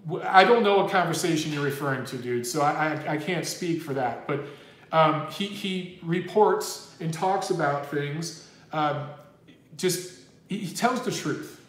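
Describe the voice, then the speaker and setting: A boxing livestream host talks a little slowly, his voice a little high and a bit bright against an echoey room. He casually reads out super chats, rambling, chatty, and full of "dude."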